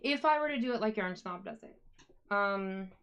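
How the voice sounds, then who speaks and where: A woman's voice: mid-range voice, lively intonation, normal speed, fairly bright tone, clean tone, muffled recording. A woman hosting a casual live stream as a yarn dyer, chatty and upbeat, talking to her viewers as she works.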